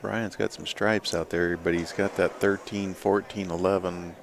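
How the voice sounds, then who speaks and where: A man giving measured, laid-back play-by-play commentary on a pool match. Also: low-pitched, little pitch movement, gravelly.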